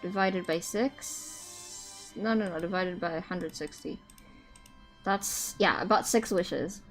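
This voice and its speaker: A woman live-streaming a game, chatting casually, with loud swearing outbursts and quiet muttered sums. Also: lowish voice, takes it slowly, faint music behind. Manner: excitable, loud outbursts and swearing, then muttering math to herself.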